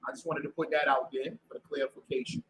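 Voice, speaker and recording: Loud, mocking man preaching in an echoey room. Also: on the high side, steady tone, fast, background noise. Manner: loud, mocking, repetitive, with shouted bursts. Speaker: street preacher and show host. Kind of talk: fiery preaching talk. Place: indoor room with a door to the street.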